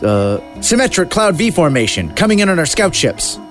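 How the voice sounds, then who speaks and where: A man's voice: high voice, sing-song, normal speed, faint music behind, voice pushed up. A man doing a taut bridge lieutenant. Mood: tense. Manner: taut, reporting over intercom. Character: tense young male bridge lieutenant.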